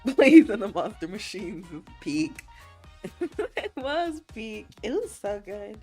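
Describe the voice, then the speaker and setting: A woman streamer chatting casually and playfully. Her voice leaps up and down, and she laughs through her lines while reading out chat messages and teasing her viewers. Faint music plays quietly behind her. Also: medium pitch, sing-song, takes it slowly. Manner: laughs often, reads chat aloud and answers it. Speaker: livestreamer.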